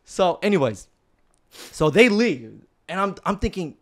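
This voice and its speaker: A young man telling a dating story in a casual podcast chat, emphatic and animated, often laughing and checking in with "okay?" and "right?". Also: high-pitched, unhurried. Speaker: podcast guest.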